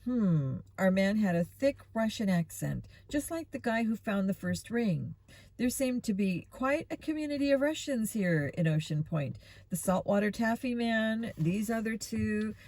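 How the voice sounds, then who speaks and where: A woman's voice: mid-range voice, moderate pace, dry recording. Woman reading a story, dry and close. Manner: steady, expressive narration. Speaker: storybook reader. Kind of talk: reading a children's mystery aloud.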